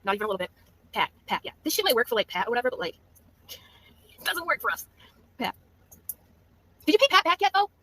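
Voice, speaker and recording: A woman's voice: fairly high pitch, sing-song, rapid-fire, pauses often, fairly bright tone. A woman from Massachusetts trash-talking a rival in a profane, brash video rant. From Massachusetts, USA.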